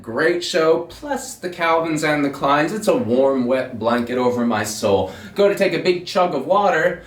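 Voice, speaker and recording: A man's voice: fairly high pitch, a bit bright, reverberant, distant mic. A man hosting his own show, telling a long personal story in a rambling, profane, self-mocking way. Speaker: podcast host telling a story. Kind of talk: casual storytelling monologue.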